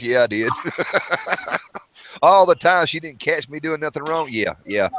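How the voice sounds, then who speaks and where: A man's voice: a little high, moderate pace. A man telling family stories in a casual chat, laughing often and acting out old quotes. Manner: animated, laughing often, acts out childhood quotes. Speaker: storyteller. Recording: faint background noise.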